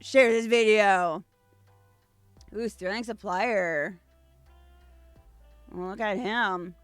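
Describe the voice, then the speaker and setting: A woman's voice: medium pitch, very slow, no room sound, faint music behind. A woman hosting a casual unboxing video, reading card text aloud between gushing asides. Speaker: VTuber host.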